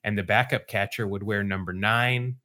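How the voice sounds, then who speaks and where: A man hosting a podcast, relaxed storytelling with dry asides in casual chat. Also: fairly low pitch, moderate pace. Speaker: podcast host.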